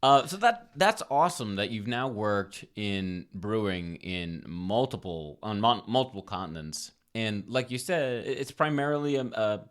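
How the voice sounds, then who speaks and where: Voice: medium pitch, expressive, a little slow, hardly any pauses, smooth. A podcast host from Rhode Island who chats casually, laughs easily, and stumbles a little over questions. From Providence, Rhode Island. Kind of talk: casual interview chat.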